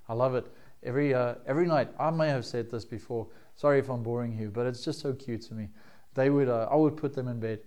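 A man's voice: medium pitch, a little mellow. A middle-aged man, a pastor, preaching a sermon in a conversational way and often checking in with his listeners.

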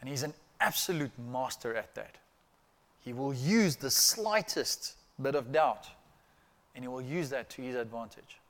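A man's voice: medium pitch, animated, unhurried, a bit bright. A pastor giving a sermon in a conversational, emphatic way, repeating points for stress and checking in with his listeners.

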